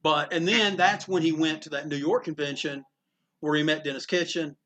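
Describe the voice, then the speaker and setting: A man's voice: a little high, fairly even intonation, moderate pace, a bit bright, slight background noise. A man who owns a comic book store, telling anecdotes in a rambling, casual way with frequent restarts and some swearing. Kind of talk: anecdotal storytelling in a conversation.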